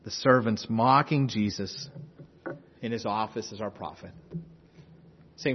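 Male pastor, impassioned sermon, husky voice, long hall reverb, dull lo-fi sound. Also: lowish voice, measured pace, long pauses. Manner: impassioned, swings from loud urgency to hushed intensity.

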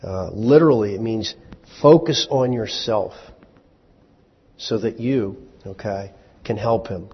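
A man's voice: mid-range voice, expressive, slow, pauses often, breathy edge. A man preaching a sermon in a conversational way, asking his listeners questions and then answering them himself. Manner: conversational, with small restarts. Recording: dull, lo-fi hall recording.

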